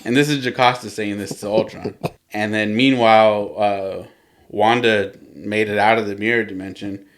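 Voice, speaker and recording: Low-voiced man laughing through a recap. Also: fairly even intonation, moderate pace. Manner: chuckles often while retelling. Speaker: podcast host. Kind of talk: casual comic book recap.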